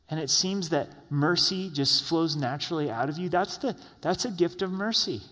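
A man's voice: sits high, a bit bright, long reverb tail. A man preaching a sermon in a church, in a conversational style with frequent rhetorical questions. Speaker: pastor.

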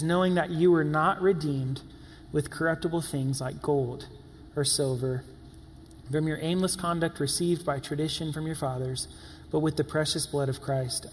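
A man in his twenties preaches in a loose, conversational way, full of filler words and playful asides. His voice sits a little high for a man. It rings out with a long echo, as if in a church hall. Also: a little hiss or hum. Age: 20s. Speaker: pastor. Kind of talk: sermon.

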